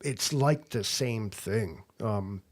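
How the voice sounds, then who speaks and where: A man's voice: lowish voice, slow pace. An American man co-hosting a podcast, telling a long rambling travel story in casual chat. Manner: rambling storyteller, acts out quotes. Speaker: podcast co-host.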